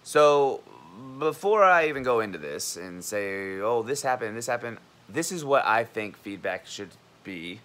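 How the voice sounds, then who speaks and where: A man's voice: mid-range voice, expressive, measured pace, few pauses, fairly bright tone. A young man, an army veteran, ranting to camera in a heated, rambling, profane way about his intentions and a club meeting. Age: young adult. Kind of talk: casual rant to camera.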